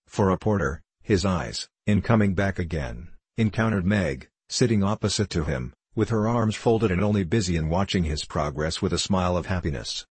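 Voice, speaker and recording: Male audiobook narrator, deep and husky, measured storyteller. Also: darkish tone, no echo. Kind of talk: classic novel reading.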